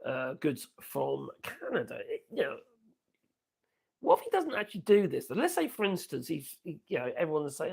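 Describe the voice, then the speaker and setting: Gravelly older man rambling. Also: fairly high pitch, wildly swooping pitch, moderate pace, a little mellow. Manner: rambling, chatty, with fillers and asides. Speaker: livestream host. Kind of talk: casual political commentary livestream.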